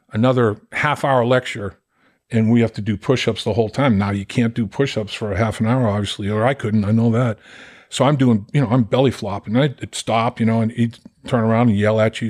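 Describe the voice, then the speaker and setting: This former pro football player in his sixties, from the Boston area, tells stories animatedly as a podcast guest. He speaks at a moderate pace in a fairly low voice, laughing while he mimics the voices of the people in his tales.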